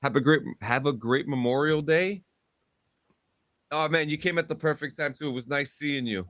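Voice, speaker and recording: A man's voice: fairly high pitch, normal speed, fairly bright tone, no echo. A man hosting a casual podcast, rambling and restarting his sentences as he signs off. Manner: rambling, repeats words while starting sentences. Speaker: podcast host.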